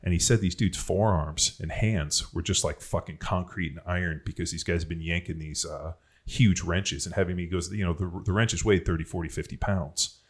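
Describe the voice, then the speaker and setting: A man's voice: deep voice, normal speed, slightly rough. A man on a podcast telling rambling, profane stories about football and strength. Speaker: podcast host, former NFL player. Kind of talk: casual podcast chat.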